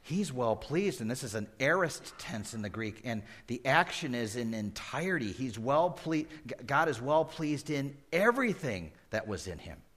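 A man preaching a sermon, moving from folksy asides to loud emphatic peaks and dropping to near-whispers. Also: mid-range voice, big pitch swings, normal speed, few pauses. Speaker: pastor.

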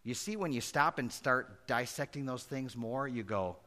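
A middle-aged pastor preaching a conversational sermon that rises to emphatic peaks. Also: male voice, medium pitch, animated, moderate pace, few pauses, sharp tone.

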